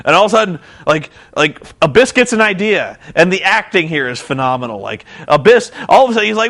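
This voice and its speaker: A man's rambling, casual commentary on a wrestling show, full of restarts and sudden impressions. His voice sits high and carries a gravelly rasp throughout. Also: quick pace, hardly any pauses. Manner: rambling, animated, acts out wrestlers in shouted bits. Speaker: vlogger recapping a wrestling show.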